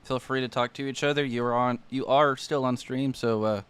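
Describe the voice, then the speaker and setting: A man hosting a live-streamed tabletop game as its game master, his voice smooth and resonant at an ordinary middle pitch. He talks in an easygoing, explanatory way, with the odd filler as he walks the players through things. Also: fairly even intonation, normal speed, a bit bright.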